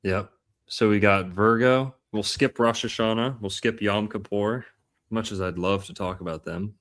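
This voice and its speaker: A man's voice: lowish voice, fairly even intonation, normal speed, fairly bright tone. A man hosting a casual podcast chat about astrology, playful and punning, stretching out words for emphasis. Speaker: podcast host.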